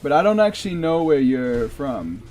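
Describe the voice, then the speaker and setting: A man's voice: a little high, big pitch swings, normal speed, a little mellow. A man streaming a game, chatting casually and rambling with lots of "like". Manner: rambling, heavy use of "like". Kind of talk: casual live-stream commentary.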